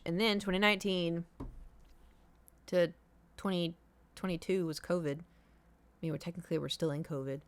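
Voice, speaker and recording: A woman's voice: on the low side, clear, resonant tone. A young woman streaming live, talking casually and rambling through a story with lots of filler words. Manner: rambling and chatty, with many fillers. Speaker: livestreamer.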